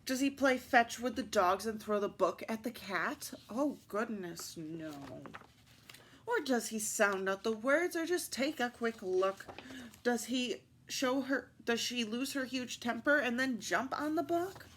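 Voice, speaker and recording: A woman reading picture books aloud at story time, expressive and adding little asides to her listeners. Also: a little high, measured pace, slight background noise.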